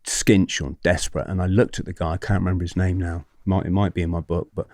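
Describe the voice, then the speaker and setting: Animated man telling a story. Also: sits low, quick pace, dry recording, clean studio sound. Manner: animated storyteller, acts out other people's lines, laughs often, swears. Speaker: podcast guest. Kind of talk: storytelling in a podcast interview.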